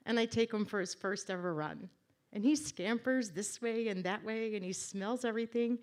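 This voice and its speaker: A woman tells a personal story to a live audience, speaking at a medium pitch. She is wry and conversational and makes fun of herself as she goes. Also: darkish tone. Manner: wry, conversational, self-deprecating.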